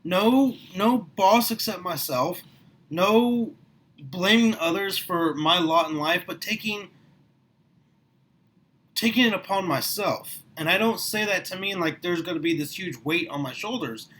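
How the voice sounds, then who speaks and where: A middle-aged man giving a passionate motivational talk to the camera, his voice rising and getting louder as he gets worked up. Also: high voice, measured pace, rough recording. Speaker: small business owner recruiting for network marketing. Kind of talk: motivational vlog monologue.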